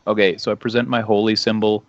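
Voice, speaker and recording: A man's voice: fairly low pitch, level tone, fast talker, dry recording, dull audio. A man playing a tabletop game, declaring his actions matter-of-factly. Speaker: player. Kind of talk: casual game chat.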